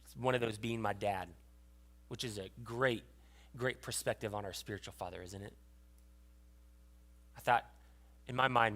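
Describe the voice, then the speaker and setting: A young adult man giving a sermon as pastor, telling a personal story with emotion and often dropping to a hushed voice. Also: lowish voice. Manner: storytelling, emotional, drops to a hushed voice at tender moments.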